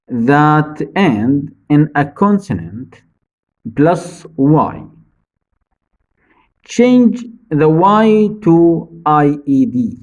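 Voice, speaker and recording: A man teaching English spelling rules, speaking slowly and deliberately, repeating each rule for his students. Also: darkish tone, muffled recording. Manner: stresses key words, drops low at phrase ends. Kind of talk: slow spelling-rule lesson.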